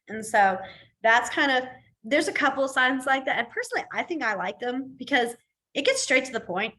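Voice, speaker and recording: A woman's voice: fairly high pitch, sharp tone. Chatty young woman teaching a class. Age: young adult. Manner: chatty, laughs often, many fillers. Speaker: sign language teacher.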